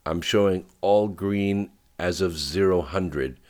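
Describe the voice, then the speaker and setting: A terse, clipped security man on the phone, as a deep-voiced narrator plays him. He sounds businesslike and low, in an audiobook. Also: slow, a little mellow.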